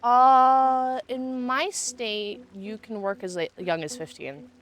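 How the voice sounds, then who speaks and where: A woman's voice: fairly high pitch, steady tone, slow pace, soft background music. A woman in her twenties, a streamer from Washington state, chatting casually while gaming and swearing when flustered. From Washington state, USA. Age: 20s.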